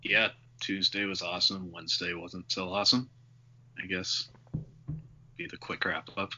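A man talking as a guest on a casual sports podcast, dry and low-key. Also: steady tone, normal speed, bright, forceful tone, a little hiss or hum. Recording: dull lo-fi podcast audio.

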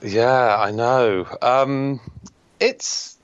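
A man's voice: mid-range voice, extremely slow, smooth, muffled recording. Hesitant, self-deprecating man. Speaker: guest co-host of a book podcast. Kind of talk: casual chat.

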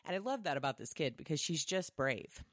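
A woman co-hosting a podcast, chatting casually about a movie in an animated way, swearing freely as she retells scenes. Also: low voice, a little fast, dry recording, studio quality. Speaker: podcast co-host. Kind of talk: casual movie review chat.

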